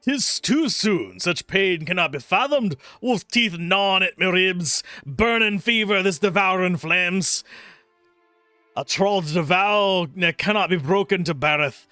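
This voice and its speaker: A man's voice: sits high, expressive, unhurried, pushed and bright, no room sound, faint music behind, pitched above the performer's own voice, heavily acted. A man reading out a dead warrior's eulogy in a put-on Scottish accent, with a strained, throaty, old-fashioned delivery. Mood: anguished. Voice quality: strained, throaty, archaic speech. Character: dying undead warrior's eulogy, male, anguished.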